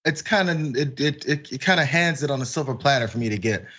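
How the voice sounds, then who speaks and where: A man's voice: medium pitch, animated, a bit bright, muffled recording, slight background noise. A man co-hosting a news show, joking in casual banter with frequent stumbles and restarts. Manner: joking, halting, with repeated restarts. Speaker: co-host.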